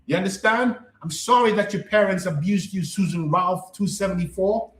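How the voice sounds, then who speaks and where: A man's voice: sits high, moderate pace, fairly bright tone, reverberant. A man coaching on a live stream, answering chat in an emphatic, repetitive way and often checking that listeners follow him.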